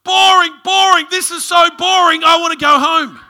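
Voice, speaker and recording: Loud whiny four-year-old boy, as a man puts him on, high and piercing, bored. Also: fairly even intonation, moderate pace, full character voice. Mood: bored whining. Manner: shouting, whining.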